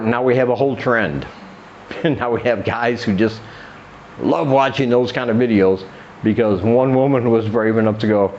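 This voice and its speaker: A podcast host rambles through a crude comedy monologue, raising his pitch whenever he acts out quoted voices. His voice is darkish and moves at a normal speed, with the highs cut off and a little noise in the background.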